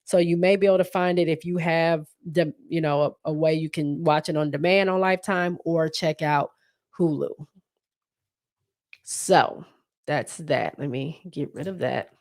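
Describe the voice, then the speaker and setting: A low-voiced woman talks through her solo podcast, loose and chatty. She drifts between thoughts and leans on fillers and restarts. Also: steady tone, measured pace, a little mellow. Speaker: podcast host. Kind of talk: casual solo podcast chat.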